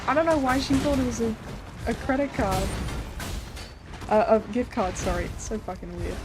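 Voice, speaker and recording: A woman's voice: on the high side, animated, normal speed, music in the background. A young Australian woman streaming a game, chatting casually with many fillers and frequent swearing. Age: young adult. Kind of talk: casual live-stream chat.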